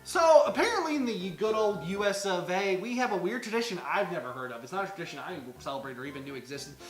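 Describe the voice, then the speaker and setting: A woman's voice: on the low side, lively intonation, quick pace. A woman co-hosting a casual chat, joking and rambling with self-mocking asides. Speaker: co-host. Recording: roomy room with background music.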